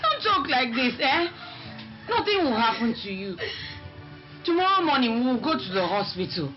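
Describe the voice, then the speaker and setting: A long-suffering Nigerian wife, pleading and soothing, yet firm when she defends herself. Her voice is fairly high and very animated. It is a dull lo-fi film recording with music under it. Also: normal speed. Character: patient, long-suffering wife caring for a sick husband. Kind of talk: film drama acting.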